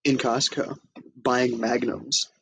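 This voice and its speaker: A man's voice: mid-range voice, level tone, takes it slowly, gravelly, fairly bright tone, breathy edge, rough recording. A man co-hosting a podcast, casually recapping a comedy film in a loose, profane way and acting out quoted lines. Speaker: podcast co-host. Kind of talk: casual movie recap chat.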